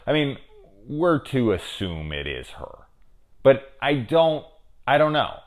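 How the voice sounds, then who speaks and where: A man hosting a casual review show, thinking aloud with many fillers and swinging between loud excited questions and low mumbles. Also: a little slow. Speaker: TV review host. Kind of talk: casual spoiler discussion.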